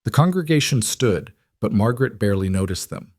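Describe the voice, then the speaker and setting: A man narrating a scripted western romance story in a measured, gentle way. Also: on the low side, lively intonation.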